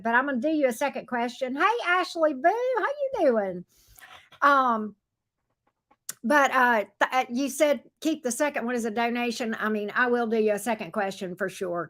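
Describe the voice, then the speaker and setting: Woman, tarot reader on a live stream, bright higher pitch, casual and chatty with lots of fillers and restarts. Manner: chatty, greets viewers by pet names, many fillers and restarts.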